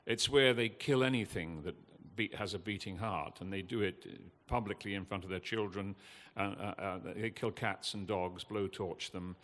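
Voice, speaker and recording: An older man, giving an impassioned, earnest talk from a festival stage, halting with fillers now and then. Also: fairly low pitch, fairly bright tone. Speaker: guest speaker at a festival. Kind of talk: emotional public talk. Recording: long hall reverb.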